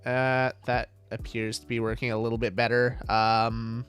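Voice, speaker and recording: A man's voice: medium pitch, flat delivery, moderate pace, a bit bright, smooth, soft background music. A man streaming a game live, chatting casually and greeting viewers, with many fillers. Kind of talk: casual livestream chat.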